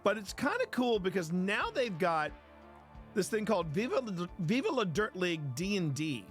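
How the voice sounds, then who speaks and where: A man's voice: high-pitched, big pitch swings, normal speed, faint music behind. A man hosting a live stream, chatting casually and rambling, with frequent restarts and casual swearing. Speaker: streamer host.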